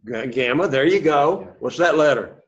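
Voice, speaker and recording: A man's voice: fairly high pitch, expressive, normal speed. A man teaching a classroom lesson, explaining step by step, quizzing the class and encouraging them. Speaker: Greek teacher. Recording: dull lo-fi sound.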